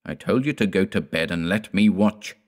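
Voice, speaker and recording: A man's voice: low-pitched, expressive, normal speed. A man voicing a stern, commanding grown son in an audiobook, firm and gloomy. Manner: firm, brooks no argument.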